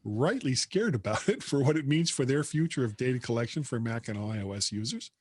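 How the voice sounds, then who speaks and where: A man's voice: mid-range voice, lively intonation, a little fast, breathy edge, dry recording. A man co-hosting a tech podcast, chatting casually and laughing as he reads out the news. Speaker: podcast co-host. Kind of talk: casual chat.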